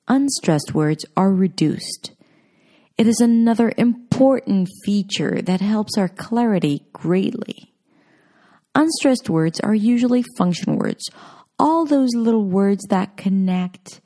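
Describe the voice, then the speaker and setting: A woman narrating a scripted pronunciation lesson, speaking clearly and deliberately as she models example sentences. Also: mid-range voice, warm tone. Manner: slow, clear, deliberate demonstrations. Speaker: pronunciation teacher.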